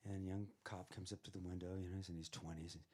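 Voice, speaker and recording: A man's voice: low voice, little pitch movement, racing, a little mellow. A man who is a singer-songwriter, telling rambling anecdotes on stage between songs, chuckling as he goes. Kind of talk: casual storytelling on stage.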